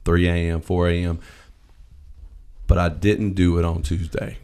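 Deep gravelly man telling a story. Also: unhurried. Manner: animated storyteller, swears freely, acts out voices. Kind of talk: casual chat.

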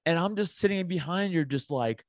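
A man, a podcast guest, telling a story in casual chat, animated and full of swearing. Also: a little high, a little fast, no echo, studio quality.

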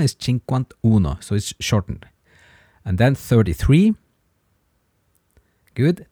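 A man teaching a language lesson on a podcast, patient and encouraging, pausing for the listener to practise. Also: mid-range voice, dark tone, dry recording, clean studio sound.

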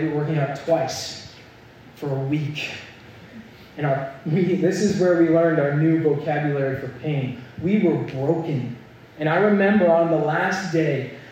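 A man's voice: on the high side, a little mellow, a little hiss or hum. A young man preaching a sermon, telling a story and building to earnest, emphatic points. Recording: echoey hall, mic at a distance.

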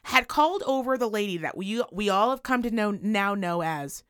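Female co-host, profane and animated, swings her pitch widely, dry close mic. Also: normal speed, smooth, no echo. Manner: animated, profane, acts out voices. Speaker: podcast co-host. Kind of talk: casual chat, storytelling rant.

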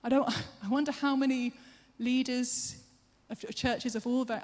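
A woman preacher giving a sermon, chatty and self-deprecating, with quick asides to the congregation. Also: high voice, fairly even intonation, darkish tone. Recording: long hall reverb.

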